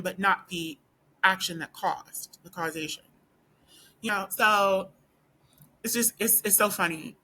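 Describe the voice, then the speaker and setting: A woman student talking straight to camera in a casual vlog, emphatic and full of rhetorical questions, with a voice that is not deep. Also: bright, forceful tone. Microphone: camera or phone facing speaker.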